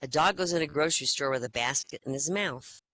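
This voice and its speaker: A woman's voice: low-pitched, fairly quick, a bit bright. A woman leading a group joke session who tells jokes one after another and acts out the characters.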